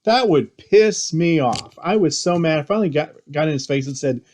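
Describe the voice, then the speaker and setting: A middle-aged man from Texas, a business owner, giving casual motivational tips in an earnest storytelling manner and growing animated when he quotes himself. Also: fairly high pitch, normal speed, few pauses.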